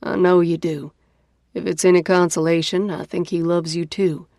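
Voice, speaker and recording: A woman's voice: lowish voice, level tone, normal speed, warm tone, no echo, clean studio sound, close to an everyday voice. A woman voicing a teasing, easygoing young man, a best friend. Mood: gentle. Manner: teasing, laid back.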